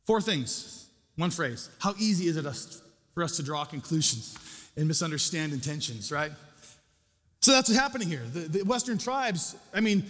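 A man's voice: fairly high pitch, animated, brisk, a bit bright, big-room sound. A male pastor preaching a sermon, conversational and self-deprecating, with casual asides to the congregation.

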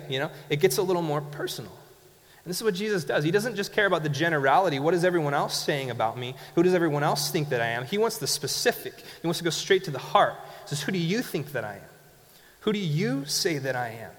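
A man's voice: fairly high pitch, lively intonation, quick pace. A man preaching a sermon as a pastor, telling stories in a conversational way and asking rhetorical questions. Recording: long hall reverb.

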